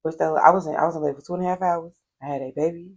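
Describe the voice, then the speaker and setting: A woman's voice: deep voice, fairly even intonation, rapid-fire, a little mellow, breathy edge. A young woman on a podcast telling a candid personal story, blunt and full of slang and swearing. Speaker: podcast guest. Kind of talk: casual chat.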